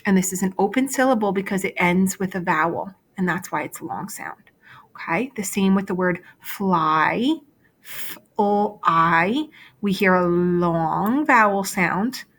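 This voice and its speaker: Woman, teacher, remote phonics lesson at a desk mic; patient and step-by-step, mid-pitched. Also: unhurried, a bit bright. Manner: patient, explains step by step, often checks with "okay?". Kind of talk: remote phonics lesson over shared slides.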